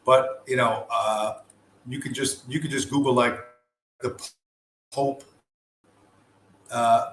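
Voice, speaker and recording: A man's voice: medium pitch, fairly bright tone. Profane, rambling man streaming in an echoey room. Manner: profane, rambling, many restarts. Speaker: livestream host. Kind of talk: casual livestream commentary. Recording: echoey room with faint background noise.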